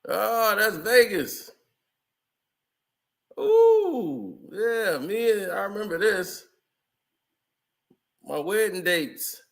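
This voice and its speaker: A man's voice: high voice, slow, vocal fry, long pauses, a bit bright. A man giving casual, chatty commentary over old photos, laughing often and telling stories in loose slang. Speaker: vlogger.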